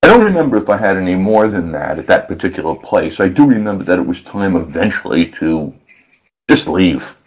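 A man's voice: low-pitched, very animated, fairly quick, low-quality recording. A male radio host telling a rambling story in a casual, self-amused way, chuckling often.

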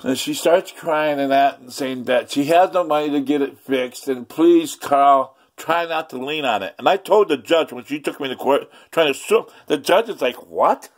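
A man's voice: fairly high pitch, normal speed, hardly any pauses. A man vlogging an angry rant, agitated, profane and repetitive.

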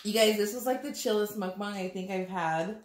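A woman's voice: mid-range voice, brisk. A woman hosting a mukbang, chatting casually and giggling while she eats, sitting on a couch indoors. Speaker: mukbang host. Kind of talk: casual chat while eating. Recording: echoey room.

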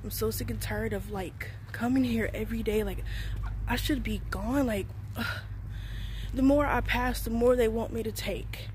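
A young woman who vlogs about college life vents and rambles casually to her viewers, using lots of filler words as she talks to the camera. Her voice is fairly high with a darkish tone and moderate pace, and there's slight background noise.

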